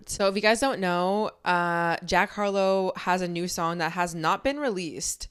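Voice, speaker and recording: A woman's voice: lowish voice, unhurried, smooth. A young woman hosting a podcast, chatting casually and candidly at home into a microphone, with plenty of "like" fillers. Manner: chatty and candid, heavy use of "like". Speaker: podcast host. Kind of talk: casual chat. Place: home, filming for video. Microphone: studio microphone.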